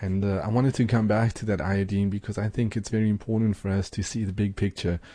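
A man's voice: lowish voice, flat delivery, quick pace, warm tone, breathy edge, no echo. A man giving an earnest, casual spoken faith teaching with a few hesitations. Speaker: co-host of an online prayer meeting.

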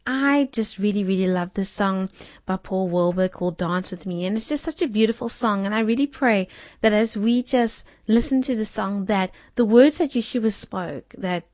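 Woman, show host, gentle, prayerful, dry close sound. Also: medium pitch, dry recording. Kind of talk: hosting a faith talk show.

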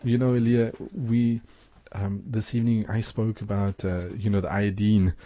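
Man with a warm mellow voice, casual earnest faith talk, some ums. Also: lowish voice, flat delivery, normal speed. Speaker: co-host of an online prayer meeting. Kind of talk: casual spoken teaching.

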